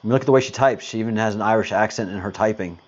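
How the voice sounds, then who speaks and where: A man hosts a casual livestream, greeting viewers and answering chat comments in a rambling, hesitant way with many fillers. He talks very fast in a fairly low voice, and the audio sounds dull.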